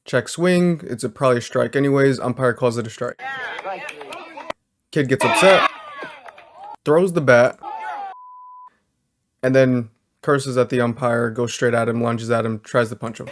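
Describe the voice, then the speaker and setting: A man working as a social worker, hosting a reaction video and calmly explaining a clip while hedging his statements. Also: medium pitch, unhurried, long pauses, slight background noise.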